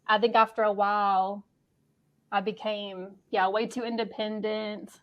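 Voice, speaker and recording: A woman's voice: medium pitch, little pitch movement, a little slow, highs cut off. A woman talking about her inner life in a casual interview, hesitant and often laughing as she searches for words. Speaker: guest. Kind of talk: casual conversation.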